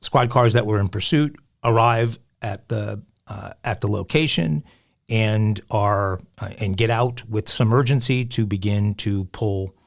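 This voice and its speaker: A man hosting a podcast, telling a news story in a relaxed, conversational way with frequent "uh" fillers. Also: lowish voice, unhurried, creaky. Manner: narrates news story, laughs easily, some fillers. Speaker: podcast host.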